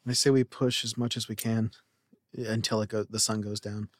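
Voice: medium pitch, level tone, normal speed, dry recording, studio quality. A player in a tabletop game, joking and bantering in casual speech. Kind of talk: casual in-character play.

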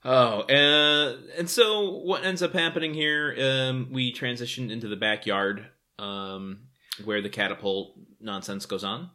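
A man co-hosts a podcast and guides the recap of a sitcom episode in an easygoing way. His voice sits at a middling pitch with a bright, forward tone. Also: measured pace. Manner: easygoing, steers the discussion. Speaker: podcast co-host. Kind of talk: casual chat recapping a sitcom.

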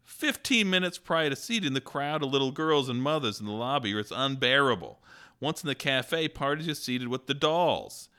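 A man's voice: medium pitch, big pitch swings, moderate pace, pushed and bright, clear, resonant tone, voice pushed up. A man voicing a fussy grown man grumbling about a doll store, reading in an exaggerated mock accent. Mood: indignant.

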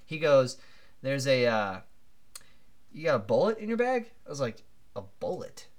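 A man co-hosting a podcast, telling a long anecdote in an animated, rambling way full of fillers. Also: medium pitch, normal speed. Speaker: podcast co-host. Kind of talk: casual storytelling chat.

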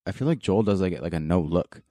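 A man's voice: sits low, animated, a little fast, mellow, no room sound, clean studio sound. A man hosting a casual podcast, loose and joking, laughing often as he runs the show. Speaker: podcast host.

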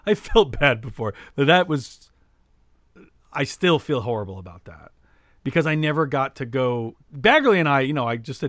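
A man co-hosting a podcast, telling a story in casual chat with many restarts, getting loud and lively as he retells it. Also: mid-range voice, normal speed, no room sound, clean studio sound. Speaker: podcast co-host.

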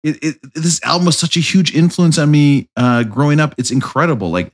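A man's voice: a little high, brisk. A man hosting a podcast, telling jokey stories in casual chat. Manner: joking, animated storyteller. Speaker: podcast host.

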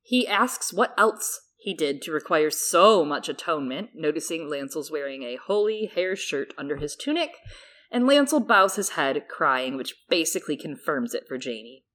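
A woman co-hosting a podcast, summarizing a book chapter and reading passages aloud in a relaxed way. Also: deep voice, moderate pace. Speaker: podcast co-host.

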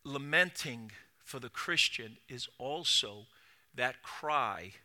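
A middle-aged man preaching a sermon as pastor, dropping to a hush and then rising to loud cries, with quick repeated restarts. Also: mid-range voice, animated. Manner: swings from hushed to loud preaching.

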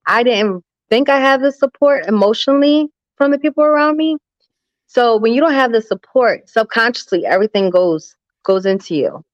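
A woman's voice: mid-range voice, no echo, highs cut off. A woman in her thirties from New Jersey, a former radio host, talking earnestly as an interview guest. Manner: earnest, laughs often. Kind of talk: casual interview chat.

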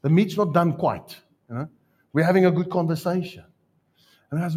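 A man with a South African accent preaching a sermon, telling stories with jokes and lively asides. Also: fairly high pitch, moderate pace, breathy edge. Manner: storytelling, joking, animated asides. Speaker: pastor.

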